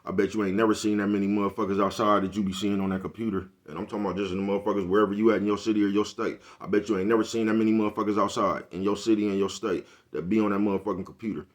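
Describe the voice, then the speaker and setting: A man with a low, deep voice talks quickly and loosely straight to his audience. His street slang is laced with profanity. He keeps circling back to ask if you're following him. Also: little pitch movement. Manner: repeats "you know what I'm talking about". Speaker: vlogger. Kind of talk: casual monologue to camera.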